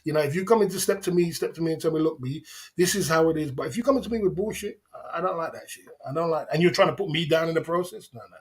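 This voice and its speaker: Man, livestream host, taunting, repetitive, higher-pitched voice. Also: fast talker. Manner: taunting, repetitive, laughs often. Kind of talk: livestream rant at chat.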